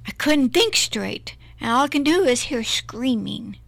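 A woman's voice: on the high side, lively intonation, a little slow, vocal fry, no echo. A middle-aged woman minister giving an earnest, emotional personal testimony in an interview, often repeating herself.

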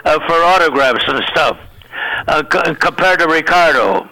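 An older man, a veteran comedian, telling show business stories in a lively, laughing way. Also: a little high, moderate pace, rough recording. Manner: animated storyteller, laughs often, acts out quotes. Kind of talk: casual anecdote chat.

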